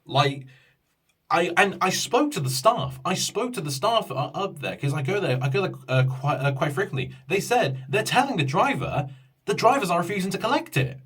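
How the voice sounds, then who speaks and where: A man's voice: high-pitched, big pitch swings, moderate pace, fairly bright tone, husky, far from the mic. A man telling a frustrated story in a casual vlog rant, stumbling and restarting as he swears about his ordeal. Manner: exasperated, swearing, many restarts and quoted voices.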